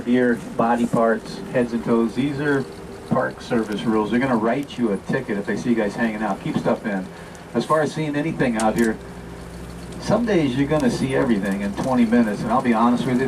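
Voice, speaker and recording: A man acting as a tour bus driver guide, giving folksy, direct commentary. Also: medium pitch. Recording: distant, noisy bus recording.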